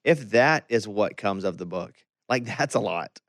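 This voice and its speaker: A man's voice: on the low side, animated, a little slow, no room sound, studio quality. A male podcast host asking loose, conversational questions, often circling and restarting as he works out what to ask. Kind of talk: casual interview chat.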